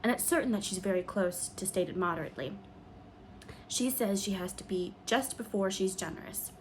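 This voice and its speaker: A woman's voice: mid-range voice, fairly quick, slight background noise, lightly acted, poor audio. A woman reading an audiobook, voicing a teenage girl who gossips dryly. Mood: wry.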